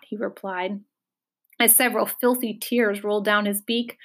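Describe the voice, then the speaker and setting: A woman reading a children's fantasy novel aloud in a measured, expressive storytelling voice. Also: medium pitch. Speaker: audiobook narrator. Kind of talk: scripted narration.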